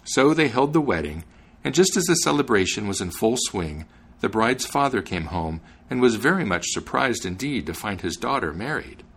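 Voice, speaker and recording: A man hosting a podcast and reading a fairy tale aloud in an expressive, measured way. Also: on the low side, breathy edge. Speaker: podcast host and narrator.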